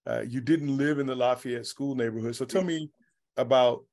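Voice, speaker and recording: A man leads a panel as its interviewer, speaking with a measured, gentle pastoral manner. He keeps the discussion moving with an even voice. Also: mid-range voice.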